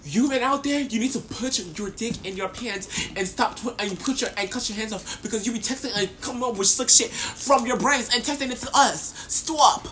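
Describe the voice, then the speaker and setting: A young woman co-hosting a podcast, telling a story in casual chat with animated, profane ranting. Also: fairly high pitch, a little fast, hardly any pauses, slight background noise. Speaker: podcast co-host.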